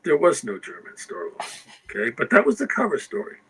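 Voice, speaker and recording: A man's voice: on the high side, huge pitch swings, a little fast, a bit bright, breathy edge, low-quality recording. An older man, a guest writer, telling anecdotes in a rambling conversational way, often checking in with "you know" and "okay?". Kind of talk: casual anecdotal storytelling.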